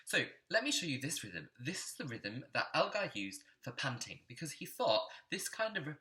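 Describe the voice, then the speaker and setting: A man teaching an online music lesson in a clear, encouraging teacherly way, sometimes chanting rhythms aloud. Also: medium pitch, sharp tone.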